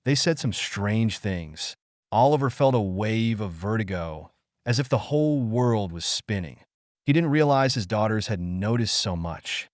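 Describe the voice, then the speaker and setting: Male narrator, dramatic audio story, lively pitch, dry close recording. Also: dry recording. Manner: dramatic, melodramatic.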